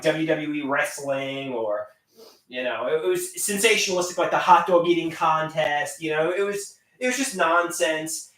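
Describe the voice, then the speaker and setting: A man chatting on a live stream in a goofy, self-mocking way, breaking into shouted silly songs. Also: on the high side, recorded from a distance. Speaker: livestreamer. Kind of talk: rambling live stream chat with silly singing. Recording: echoey room, voice set back from the mic.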